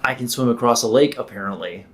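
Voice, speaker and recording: A man's voice: mid-range voice, quick pace. A man hosts a podcast in casual conversation, telling a story in an easygoing way. His voice sits in a mid range. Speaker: podcast host.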